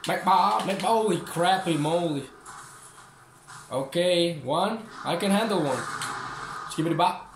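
A man's voice: sits high, slow pace, long pauses, reverberant, background noise. A young man giving casual gameplay commentary, joking, swearing and taunting the enemies on screen. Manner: profane, joking, talks to the game's enemies. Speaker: gaming channel host.

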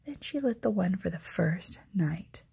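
Slow, breathy whispering woman storyteller. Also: on the low side, animated. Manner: hushed, slow and gentle. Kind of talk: whispered ASMR storytime narration.

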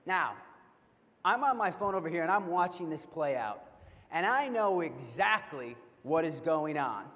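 A young man giving a keynote speech at a convention, telling a funny story in an animated way and asking the audience questions. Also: fairly high pitch, a little slow. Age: young adult. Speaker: keynote speaker. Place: large convention hall. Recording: long hall reverb.

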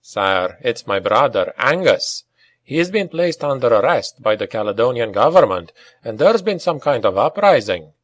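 A man voicing a big, earnest Scottish male officer with a deep, gruff voice in an audiobook reading. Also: very animated, moderate pace. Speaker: mercenary major.

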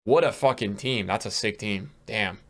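This gaming streamer, a young man, has a lowish voice and speaks at a normal speed. While playing a football video game on stream, he stays excitable, curses often, and chats casually with his viewers.

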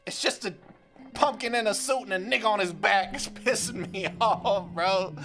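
A young streamer with a high voice commentates live over a rhythm game at normal speed, loud and frustrated, cursing and trash-talking his opponents while faint game music plays in the background.

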